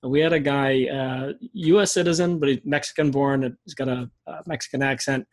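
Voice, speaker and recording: A man, a guest photography instructor, explaining in a relaxed interview chat and pausing often with fillers. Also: mid-range voice, poor audio. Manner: relaxed, many fillers and restarts. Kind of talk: casual interview talk.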